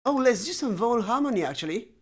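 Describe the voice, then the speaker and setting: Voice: mid-range voice, expressive, fast, breathy edge. A streamer building a made-up language live, chatting with viewers in a dry, self-mocking way and thinking aloud with many fillers. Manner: talks to chat viewers. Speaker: conlang streamer. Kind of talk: casual livestream chat while working.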